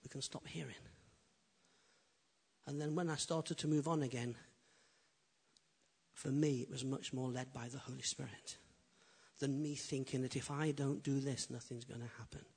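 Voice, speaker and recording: A man preaching a sermon as a pastor, animated and humorous, swinging from loud emphatic lines to quiet intimate ones. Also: medium pitch, normal speed, creaky, pauses often, breathy edge. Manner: humorous storytelling.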